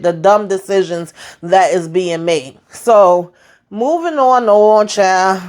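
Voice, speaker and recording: A woman recaps a TV episode in a loose, chatty way. She sounds exasperated and animated, throws in slangy asides, and acts out the characters' lines as she retells each scene. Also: fairly low pitch, a little slow, clean tone. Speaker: TV show recap host.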